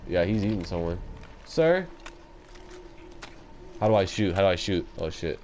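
A young man commenting on a horror game as he plays, excitable and joking as he talks to himself. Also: low voice, moderate pace, pauses often, slight background noise. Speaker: let's play gamer. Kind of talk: casual gameplay commentary.

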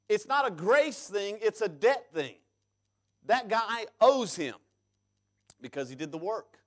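Male pastor in church, fairly high voice, loud bursts then hushed lines. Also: lively intonation, measured pace. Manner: preaching with loud emphatic peaks and sudden quiet drops; reads scripture aloud in King James English. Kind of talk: sermon.

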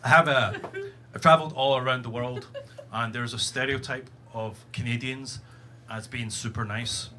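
A man with a Scottish accent doing a stand-up set on a comedy club stage, telling stories in a profane, animated way into a stage microphone. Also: medium pitch, moderate pace. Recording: live comedy club, loud noise.

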